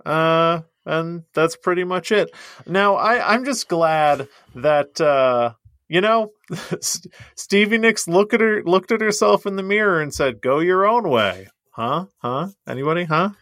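Higher-voiced joking man, dry sound. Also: expressive, a little slow, a bit bright, dry recording. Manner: jokey, punning, pressing for reactions. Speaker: podcast co-host. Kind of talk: comedic casual banter.

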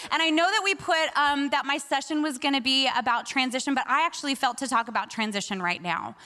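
A woman in her forties preaching a sermon, telling stories in an animated way and laughing often. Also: sits high, quick pace. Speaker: pastor.

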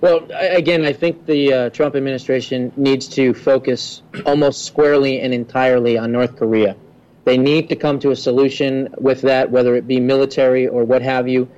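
A man who is a guest on a political talk radio show, explaining his views in a steady, confident way. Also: mid-range voice, normal speed, highs cut off.

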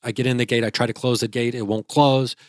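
A man's voice: mid-range voice, little pitch movement, quick pace, dry recording, clean studio sound. A young man, a guest, retelling a frightening experience in a vivid, casual way with restarts. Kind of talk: casual storytelling.

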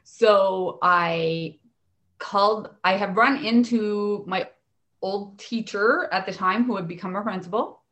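A chatty woman in her thirties recounts her years as a special education worker. She tells her stories in an animated, easygoing way, at a middle pitch. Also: takes it slowly. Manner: lively, chatty, animated storyteller. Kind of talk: storytelling in conversation.

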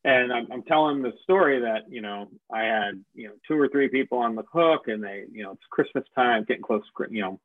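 A man's voice: mid-range voice, brisk, hardly any pauses, dry recording. A man casually telling the story of his business as a franchise owner, rambling with many fillers and restarts. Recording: dry, tinny phone-like audio.

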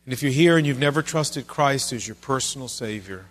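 A male pastor preaching a sermon in a church, earnest and conversational, sometimes dropping to soft, low passages. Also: lively intonation, a little fast.

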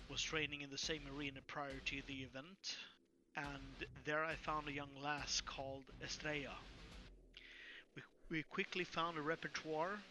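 A man from Sweden with a Swedish accent calls in to a show and tells his story in a formal, deadpan way. His voice sits a little high for a man. A clear hiss of noise runs under the recording. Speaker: caller.

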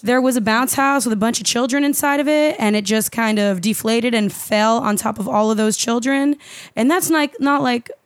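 A young woman co-hosting a podcast, telling a story in an animated, profane, casual way with lots of fillers. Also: on the high side, normal speed, clear, resonant tone, no room sound. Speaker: podcast co-host.

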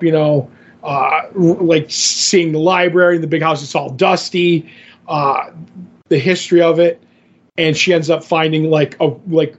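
A man with a fairly high voice rambles through a comic book recap, leaning on "like" and "kind of a deal" as he goes. He co-hosts a casual podcast. The sound is dull and lo-fi. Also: gravelly. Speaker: podcast co-host.

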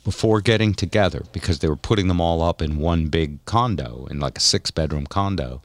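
Older male host, very low and lively, dry close sound, joking and animated. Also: a little fast, no echo. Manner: jokey, laughs often, acts out quotes. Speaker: podcast host. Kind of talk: casual chat.

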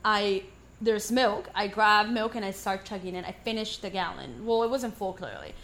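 A woman in casual podcast chat, telling a long story with lively, profane delivery. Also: medium pitch, normal speed. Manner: animated storyteller, swears freely. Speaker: podcast co-host.

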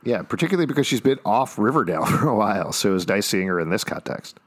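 Man, low voice, dry close sound, casual recap chat, playful, laughs easily. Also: very animated, fast talker, no room sound. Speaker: podcast co-host.

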